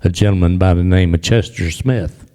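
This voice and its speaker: A man's voice: low voice, fairly even intonation, normal speed, warm tone. An older man, an audience member giving rambling, folksy remarks with many restarts. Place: library event hall. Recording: long hall reverb.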